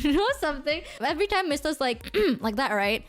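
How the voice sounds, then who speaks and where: A woman from Indonesia, telling a story to her chat in a casual, animated way and swearing freely. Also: sits high, fairly quick, few pauses, faint music behind. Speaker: streamer.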